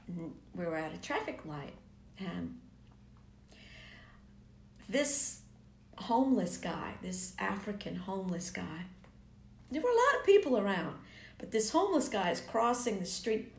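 A woman's voice: medium pitch, big pitch swings, measured pace, pauses often. A woman telling a personal story in an earnest way, often falling to a near whisper and pressing hard on key words. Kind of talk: personal story told to viewers. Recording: echoey room, faint background noise.

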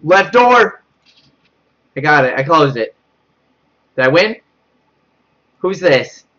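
In a sing-song, slow delivery with a sharp tone, a young man gives live commentary while streaming a horror game. He panics, laughs nervously, and repeats himself as he reads the chat out loud. The audio comes from a dull, low-quality mic.

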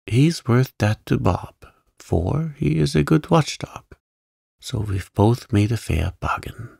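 A man voicing a stern, curt farmer uncle who brooks no opposition, in a calm bedtime story reading. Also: mid-range voice, slow pace, gravelly, husky, no echo, studio quality, exaggerated voice.

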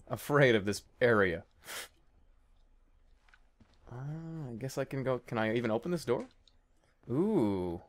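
A young man commentating a stealth game he is playing, jittery and excitable, with nervous laughs and yelps. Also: mid-range voice. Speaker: gaming video host. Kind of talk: let's play commentary.

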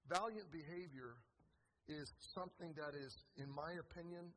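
A man preaching at a church conference, telling a funny story with lively swings between soft asides and loud excitement. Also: a little high, normal speed, in a large hall, slight background noise, poor audio. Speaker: assistant pastor, conference preacher. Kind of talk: humorous sermon storytelling.

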